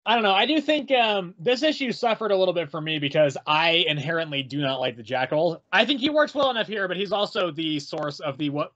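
A man's voice: on the high side, a bit bright. A man co-hosting a casual comic review podcast, hedging with many ums and swearing casually, on a muffled, crackly mic. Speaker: podcast co-host.

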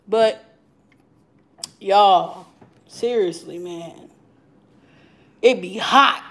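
Casting note: woman livestream host, brash, profane, higher-pitched voice, talking to chat. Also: drawn-out words, long pauses, rough recording. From Arizona. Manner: loud, profane, animated, reading and answering chat comments. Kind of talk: casual live-stream chat. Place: home.

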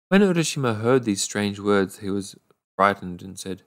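A man reading a fairy tale aloud, unhurried, now and then stumbling and correcting a word. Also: lowish voice, expressive. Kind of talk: read-aloud storybook narration.

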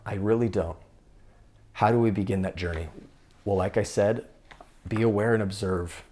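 A man's voice: deep voice, a little mellow. A young man giving an earnest faith talk, coaching viewers through an exercise and acting out inner voices. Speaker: Catholic speaker.

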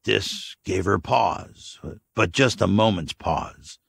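A man narrating an audiobook story in a steady, even storytelling manner. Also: on the low side, slow pace, vocal fry, hardly any pauses, slightly rough, dry recording, clean studio sound.

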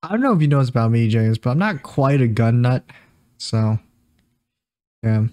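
Young male co-host, dry teasing humor, animated intonation. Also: medium pitch, normal speed. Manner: teasing, joking asides. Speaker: podcast co-host. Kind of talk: casual gaming chat.

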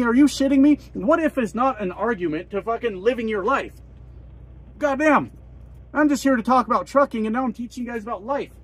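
Truck driver vlogger, male, 40s, fairly high husky voice, rambling and cursing in a heated rant. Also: rough recording. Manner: exasperated, swears constantly, rambling and repetitive.

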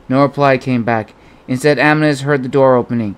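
A man narrating an adventure novel as an audiobook in a steady storytelling manner. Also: medium pitch, a little fast, clear, resonant tone.

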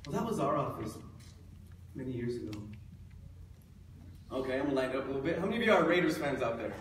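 A man giving a conference presentation who jokes with the audience and asks them questions. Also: on the high side. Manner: joking, engages the audience. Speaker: chief appraiser presenting. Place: large conference hall. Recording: echoey hall, distant mic, faint noise.

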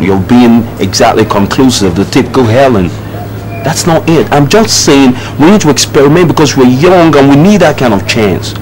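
A man's voice: mid-range voice, a little hiss or hum, close to an everyday voice, low-quality recording. An actor playing a young man, dismissively lecturing his fiancée about an arranged marriage. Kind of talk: film drama dialogue.

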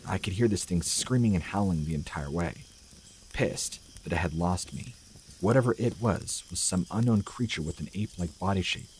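Deep-voiced man narrating horror stories. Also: a little mellow, slight background noise, poor audio. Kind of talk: scripted narration of scary stories.

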